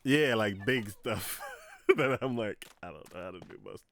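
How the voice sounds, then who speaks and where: Male streamer, young adult, deep voice with big pitch swings; chatty storyteller who voices both sides of a conversation. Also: animated, unhurried, fairly bright tone, a little hiss or hum. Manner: frequent laughs and filler words. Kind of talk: casual chat while live-streaming a game.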